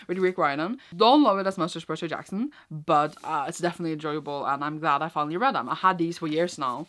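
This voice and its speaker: Talking in a low voice with a bit of brightness, a young book vlogger rambles through a casual wrap-up of her reading. She is chatty and uses many fillers and restarts, filming from a cold room at home.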